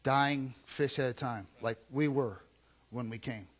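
A pastor preaches a sermon conversationally, repeating phrases and shifting from quiet asides to loud, emphatic lines. His voice is medium in pitch and a little slow.

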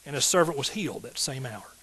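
A man's voice: mid-range voice, expressive, quick pace, bright, forceful tone, slightly rough, rough recording. A middle-aged man, a pastor preaching a sermon in an emphatic call-and-response style with rising outbursts.

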